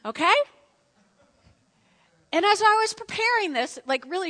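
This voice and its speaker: High, bright-voiced woman preaching. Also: moderate pace, long pauses, long reverb tail. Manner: animated, repeats phrases, asks the congregation to respond. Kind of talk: sermon. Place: church sanctuary.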